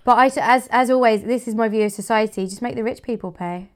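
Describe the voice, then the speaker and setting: A woman's voice: on the high side, quick pace. A woman speaking as an interview guest about her work in marketing, frank and opinionated, with many fillers. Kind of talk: casual interview talk.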